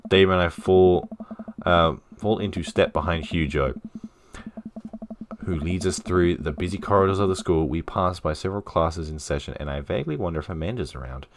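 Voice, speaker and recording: A man's voice: deep voice, normal speed. A man casually playing a dating game on stream, reading the narration and dialogue aloud with jokey asides.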